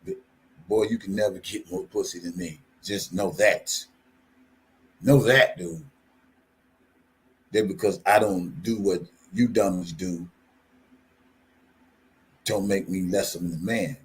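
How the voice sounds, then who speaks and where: A man's voice: deep voice, slow pace, long pauses. A man hosting a live stream, ranting casually in a profane, mocking way and laughing often. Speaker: livestream host. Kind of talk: casual livestream rant.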